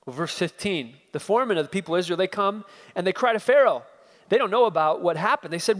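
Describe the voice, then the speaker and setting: A man's voice: high-pitched, animated, fast, big-room sound. A man preaching an expository sermon, dramatic and full of rhetorical questions.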